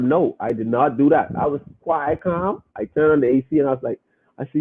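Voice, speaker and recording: A man's voice: fairly high pitch, fairly quick, slightly rough. A man hosting a podcast in casual talk to his listeners, speaking emphatically and repeating phrases as he makes his point. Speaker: podcast host. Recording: tinny phone-line sound.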